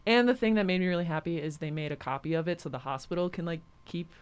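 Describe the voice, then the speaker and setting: A woman's voice: lowish voice, quick pace, smooth. A young woman co-hosting a podcast, talking casually, with lots of fillers and frequent laughs. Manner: chatty, laughs often, many "like" fillers. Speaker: podcast co-host. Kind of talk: casual chat.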